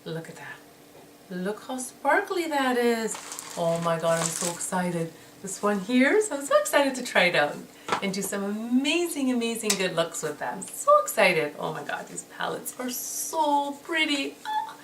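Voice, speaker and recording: Excitable beauty vlogger lady, roomy echo, mic kinda far off, noisy room. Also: mid-range voice, unhurried. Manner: gushing, excitable, repeats "so excited". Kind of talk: casual haul video.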